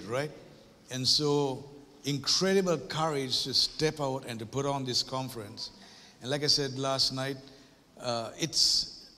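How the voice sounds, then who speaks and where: A man's voice: mid-range voice, sharp tone. A man speaks to a church audience on a handheld mic, his voice in the middle range for a man. He is chatty and playful, then leans into emphatic, preacher-like declarations, often tossing in tag questions. The sound carries a long reverb from the church auditorium. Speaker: guest workshop speaker at a church. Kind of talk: conversational church workshop talk.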